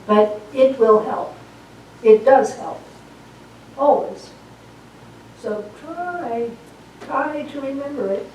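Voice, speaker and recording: A woman minister preaching and leading spoken affirmations in a church. She talks slowly and deliberately and repeats key phrases for emphasis. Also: sits high, a little mellow, slight background noise. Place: church sanctuary. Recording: echoey room, voice from far off the mic.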